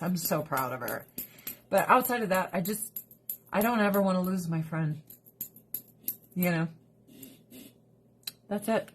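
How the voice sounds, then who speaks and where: A middle-aged woman talking casually to her viewers, telling a story about her best friend in a blunt, profane way and quoting her friend's lines. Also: fairly low pitch. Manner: quotes friend with shifting voice. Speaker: vlogger. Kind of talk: casual chat to camera.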